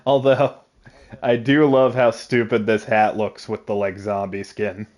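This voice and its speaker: A man streams a game from home, his voice sitting a little low as he talks loosely and jokes. He breaks into laughter often, and his words reach a desk mic in a home setup. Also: a little slow. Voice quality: laughs often, jokey and animated. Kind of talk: casual live-stream gaming chat.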